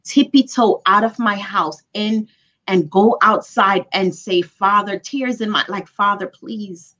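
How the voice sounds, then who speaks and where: A woman's voice: medium pitch, a little slow, fairly bright tone. A mother speaking as a guest, telling her story in an earnest, emotional way during a casual chat.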